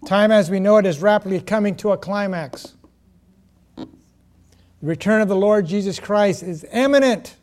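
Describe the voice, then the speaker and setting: A man preaching a sermon, reading scripture and stressing key words with pauses. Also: sits high, a little mellow. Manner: slow, emphatic preaching with pauses and self-corrections.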